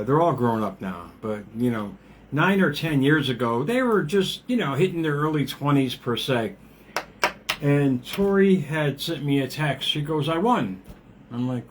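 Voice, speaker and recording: A man in his fifties talks through a motivational livestream in a loose, rambling way. He laughs often and swears casually. His voice sits at an ordinary middle pitch, with faint noise behind it. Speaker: motivational podcast host.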